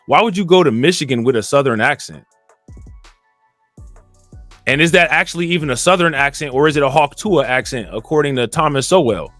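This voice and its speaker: A man from Cleveland rambles through a casual commentary. His voice sits fairly high and sounds dry and close, with faint music underneath. He leans on filler phrases and climbs in pitch when he gets indignant. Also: lively intonation, fairly quick, pauses often, fairly bright tone, no echo. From Cleveland, Ohio. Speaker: commentary channel host.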